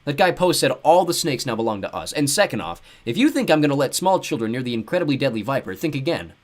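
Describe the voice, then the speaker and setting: Booming brash chubby man, as a male reader puts him on. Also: big pitch swings, fast talker. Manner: loud, blunt, dismissive.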